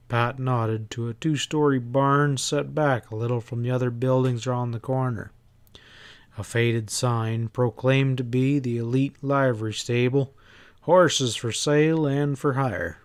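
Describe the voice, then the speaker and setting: A male audiobook narrator reads a western novel at an unhurried, deliberate pace. His voice sits at a middle pitch. His storytelling is measured and even. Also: clean tone.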